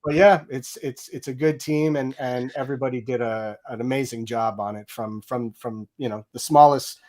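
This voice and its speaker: A man's voice: mid-range voice, steady tone, normal speed, a little mellow. A middle-aged man telling a story with energy in an interview, acting out his own quoted lines. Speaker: guest, game audio director.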